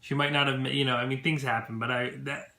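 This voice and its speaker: Man, movie vlogger, casual recap, excitable, lots of ums, bright tense voice, echoey room. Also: medium pitch, fast. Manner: chatty and excitable, many fillers. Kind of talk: casual event recap to camera.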